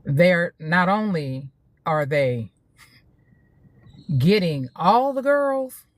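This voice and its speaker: A woman, talking in a casual opinion monologue, animated, laughing often and repeating herself for emphasis. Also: fairly low pitch, drawn-out words, no room sound. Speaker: social media host.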